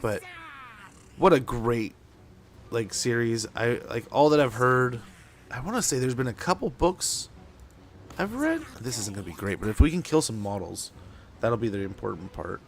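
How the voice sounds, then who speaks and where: A man's voice: mid-range voice, very animated, normal speed, vocal fry, a little hiss or hum. A young man chatting casually and rambling while playing a strategy game on stream, with lots of fillers. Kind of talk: casual gameplay chat.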